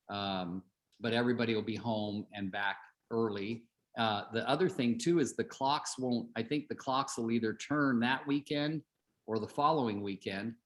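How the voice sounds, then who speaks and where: A middle-aged man with a fairly low voice coaches real estate agents on a group call, chatting, telling stories, and asking the group questions.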